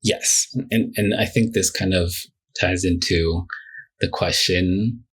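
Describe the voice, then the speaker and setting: Husky low-voiced man, animated therapist. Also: takes it slowly. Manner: animated, acts out client quotes, many fillers. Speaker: therapist guest. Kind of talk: casual podcast conversation.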